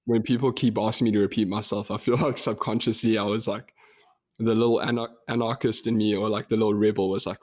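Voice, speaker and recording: A young man with a South African Durban accent, co-hosting a podcast in relaxed, explaining casual chat. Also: fairly low pitch, fast. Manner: relaxed, explaining, slightly monotone. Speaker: podcast co-host.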